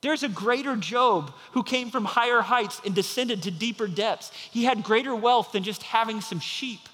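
A man's voice: high-pitched, normal speed, pushed and bright, in a large hall. A man preaching a sermon as pastor, telling a story and acting out the voices of the people in it.

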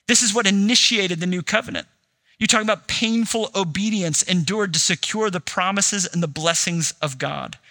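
A man's voice: high-pitched, normal speed, bright, forceful tone. A man preaching a sermon as pastor in a conversational way, acting out dialogue as he tells the story. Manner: conversational, acts out dialogue in quotes.

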